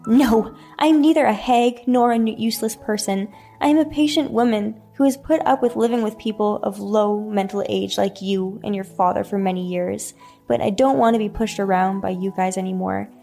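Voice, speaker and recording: A woman's voice: medium pitch, fairly even intonation, normal speed, gravelly, mellow, faint music behind, lightly acted. A woman voicing an older mother who, after years of putting up with abuse, firmly stands up to her son. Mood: defiant. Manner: shaky but firm, speaking up at last. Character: older mother, long-suffering but defiant.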